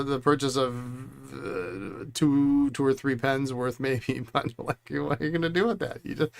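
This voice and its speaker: A man's voice: on the high side, creaky, bright, forceful tone, smooth. A middle-aged man hosting a pen repair stream, rambling through stories and chuckling often. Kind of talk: casual chat while working.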